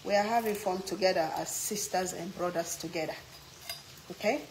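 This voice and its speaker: A woman's voice: on the low side, moderate pace, a little hiss or hum, rough recording. A woman from Africa with an African English accent, hosting a casual cooking vlog, chatting playfully while reading viewer comments and teasing her audience.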